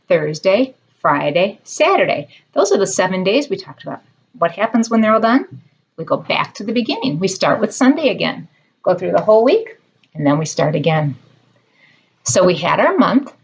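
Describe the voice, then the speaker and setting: A young woman teaching preschoolers at circle time, drawing out words in a slow, sing-song way. Her voice has a slight husky grain. The audio sounds a little muffled, like a home video recording. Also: fairly low pitch. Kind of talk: children's lesson, circle time.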